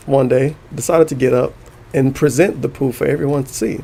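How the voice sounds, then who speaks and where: Gravelly sarcastic male streamer. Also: mid-range voice, steady tone, brisk, warm tone. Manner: sarcastic, mocking, profane. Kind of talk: casual stream commentary, reading aloud.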